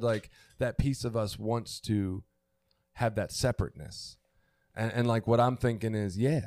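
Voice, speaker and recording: Podcast co-host, middle-aged man, low gravelly voice, candid and tearful storytelling. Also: darkish tone, no room sound, clean studio sound. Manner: candid, emotional storytelling with restarts. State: tearful, emotional. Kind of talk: casual chat.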